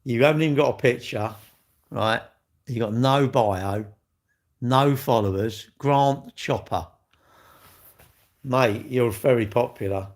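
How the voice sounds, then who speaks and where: Reading out comments on his casual livestream, a middle-aged host chats directly with viewers, teasing them bluntly and cheekily and swearing freely. He speaks slowly at a medium pitch, pausing often.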